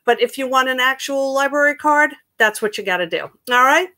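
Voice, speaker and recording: A woman's voice: high-pitched, lively intonation, a little fast, bright, forceful tone. A woman, a children's librarian from Queens leading an upbeat, sing-song story time with songs. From Queens, New York.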